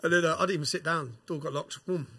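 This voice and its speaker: A man telling a prison story as a podcast guest, animated, swearing and using slang. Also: on the high side, fast talker, slightly rough. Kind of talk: casual storytelling.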